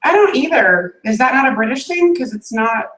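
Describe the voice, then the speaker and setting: A woman's voice: high-pitched, lively intonation, normal speed, fairly bright tone, echoey room, poor audio. A woman with an American accent chats in a friendly way, laughing often, as co-host of a live video call. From United States. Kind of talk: casual chat on a live stream. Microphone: webcam on a video call.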